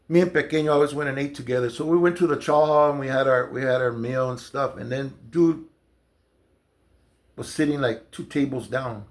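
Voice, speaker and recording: A man casually telling a long personal story, loose and conversational with lots of fillers and restarts. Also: mid-range voice. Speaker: storyteller recounting jail experiences.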